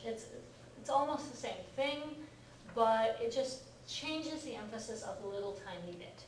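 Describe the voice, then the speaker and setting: A woman with a slightly high voice leads a grammar class, patiently checking in with her students as she explains. She is picked up from across a roomy classroom, the sound bouncing off the walls with a faint hum of room noise. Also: a little slow. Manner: patient, checks understanding with frequent "right?" and "okay?". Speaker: Japanese language teacher. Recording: echoey classroom from far off.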